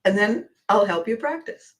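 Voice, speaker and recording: A woman hosting a podcast, telling stories in an animated way, acting out quoted voices and dropping to quiet asides. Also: mid-range voice, normal speed. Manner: laughs often, drops to quiet asides. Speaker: podcast host and coach. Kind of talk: storytelling monologue.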